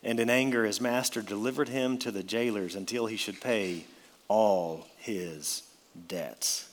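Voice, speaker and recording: A man's voice: medium pitch, fairly even intonation, fairly quick, long reverb tail. A man preaching an expository sermon, emphatic, with his voice rising and dropping for effect.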